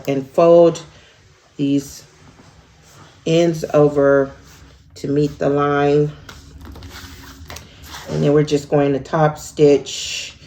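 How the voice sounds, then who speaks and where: A woman with a low, gravelly voice walks through a sewing project step by step, in a casual tutorial style. She talks at an unhurried pace and thinks aloud, often pausing on small fillers. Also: a little mellow.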